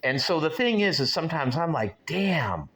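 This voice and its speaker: A man's voice: fairly high pitch, animated, brisk, fairly bright tone. A man in his sixties hosting his own show, musing aloud in a rambling, casual way and speaking straight to his viewers. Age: 60s. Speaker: show host. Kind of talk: casual solo vlog chat.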